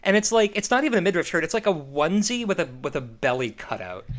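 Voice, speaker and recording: A man co-hosting a podcast, reviewing a film in casual, profane, animated chat with frequent laughter. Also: sits high, quick pace. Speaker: podcast co-host.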